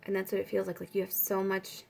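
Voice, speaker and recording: A woman's voice: medium pitch, completely flat delivery, fast talker, creaky, darkish tone, slightly rough, soft background music. A young woman giving a casual spiritual tarot reading, rambling with many fillers. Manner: rambling, filler-heavy, breaks off to pray aloud. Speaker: tarot reader.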